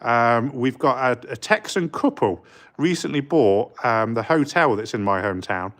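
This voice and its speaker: A middle-aged man talks casually to a live-stream audience from his studio, his voice sitting at an ordinary middle pitch. He rambles along with frequent ums and restarts. He perks up to greet viewers by name. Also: lively intonation, moderate pace, a bit bright. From England. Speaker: street artist streaming live. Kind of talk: casual live-stream chat while working. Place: indoor art studio.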